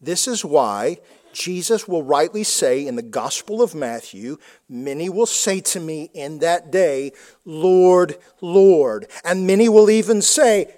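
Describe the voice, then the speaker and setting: A man's voice: a little high, expressive, takes it slowly, dark tone. A man preaching a sermon, emphatic and repeating words for stress. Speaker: pastor.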